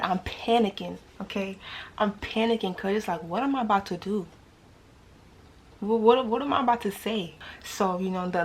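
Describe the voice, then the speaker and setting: A young woman with a New York accent telling a dating story casually to her viewers, slangy and full of rhetorical questions. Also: mid-range voice.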